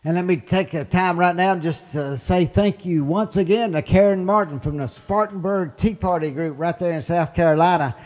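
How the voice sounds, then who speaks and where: A man's voice: high-pitched, normal speed, hardly any pauses, a little mellow, big-room sound. A man with a Mississippi accent hosting a show and talking politics with emphatic enthusiasm. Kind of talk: political commentary.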